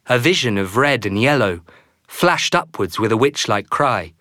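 A male narrator reads a novel aloud, measured and expressive. His pitch rises and falls in a lively way. The recording is dry and close, with no room sound. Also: dry recording. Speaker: audiobook narrator. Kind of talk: scripted narration.

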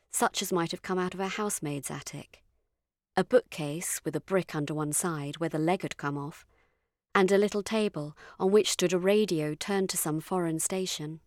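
Low-voiced woman reading a story aloud. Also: dry recording, clean studio sound. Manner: measured, dryly witty. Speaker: narrator. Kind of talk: scripted first-person narration.

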